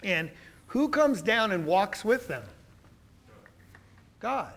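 A man preaching a sermon, asking the listeners questions and answering them himself, building to emphatic, louder points. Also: high-pitched, very animated, slow.

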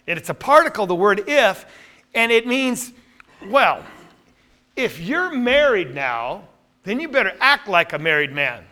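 A man's voice: high-pitched, sing-song, normal speed, sharp tone. A man teaching a Bible study class, reading scripture aloud and asking the group questions.

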